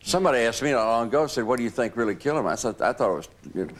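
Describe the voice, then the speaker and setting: A man's voice: medium pitch, animated, racing. An older man in an interview, reflecting on past times and joining in the shared stories. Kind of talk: reflective reminiscing.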